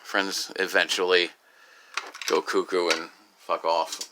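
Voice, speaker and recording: A grieving, upset man talking in a rambling personal vlog, halting and profane, with many restarts. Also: low voice, level tone, background noise. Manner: halting, profane, full of restarts and "you know". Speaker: video creator.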